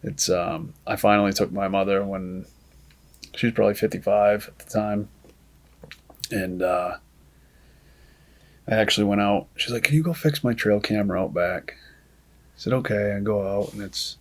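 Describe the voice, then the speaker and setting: Podcast guest, man, lowish voice, animated yarn-spinner who acts out dialogue. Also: normal speed, pauses often. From Maine. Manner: lively storyteller who acts out quoted dialogue. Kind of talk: casual storytelling.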